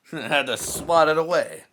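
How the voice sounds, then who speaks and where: A man's voice: on the high side, a little slow, fairly bright tone. Man putting on a prim, scolding old woman in her seventies, an interrogator. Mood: stern.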